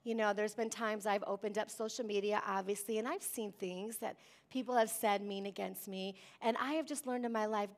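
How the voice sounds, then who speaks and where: A woman preaching a sermon, lively and emphatic, often asking the congregation "amen?". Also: mid-range voice, moderate pace. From Wisconsin. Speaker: pastor.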